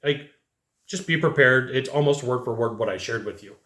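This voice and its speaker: A man's voice: medium pitch, moderate pace, fairly bright tone. A man giving blunt, conversational sales coaching straight to his viewers, full of rhetorical questions. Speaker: sales trainer. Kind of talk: direct-to-camera sales coaching. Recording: roomy echo.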